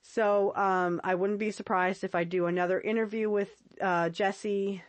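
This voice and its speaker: Woman podcaster, chatty and giggly, dry close-mic sound, mid-pitched voice. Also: steady tone, measured pace, no room sound. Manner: chatty and giggly, with lots of fillers and repeats. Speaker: podcast host. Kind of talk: casual solo podcast monologue.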